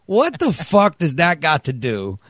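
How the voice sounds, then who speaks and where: A man hosting a live podcast from a studio, talking in a loud, profane, sing-song hype style. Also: on the high side, wildly swooping pitch, unhurried, no echo. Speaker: podcast host. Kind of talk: casual live show banter.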